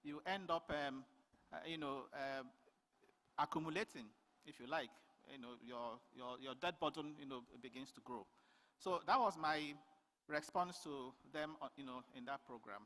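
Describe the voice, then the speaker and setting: A man from Nigeria presenting a conference paper, speaking in a measured way with many fillers and restarts. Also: on the high side, bright, forceful tone. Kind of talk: formal conference talk. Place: large conference hall. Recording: long hall reverb.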